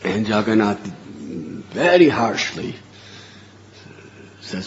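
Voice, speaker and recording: A man preaching a sermon, telling a devotional story in an animated way. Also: lowish voice, slow, pauses often, lo-fi sound.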